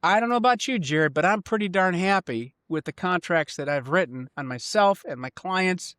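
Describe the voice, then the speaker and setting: Emphatic co-host, male, fairly high-pitched, close dry mic. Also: lively intonation, moderate pace, fairly bright tone, dry recording. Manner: emphatic, with sudden rises in pitch. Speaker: life insurance agent, co-host. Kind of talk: casual podcast conversation.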